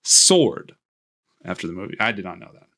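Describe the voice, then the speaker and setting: Lowish-voiced guy rambling thru a movie recap, jokey, keeps restarting sentences. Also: very animated, normal speed, vocal fry, bright, forceful tone. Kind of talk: casual chat recapping a movie.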